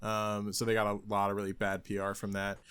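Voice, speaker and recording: A man co-hosting a casual podcast, talking hesitantly with many pauses and restarts. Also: fairly low pitch, monotone, fairly bright tone, smooth. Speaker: podcast co-host. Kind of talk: casual chat.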